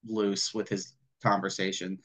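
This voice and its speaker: A man co-hosting a casual podcast, retelling film scenes in a loose, animated way, full of "like" and casual swearing. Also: fairly low pitch, unhurried. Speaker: podcast co-host. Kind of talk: casual film discussion chat.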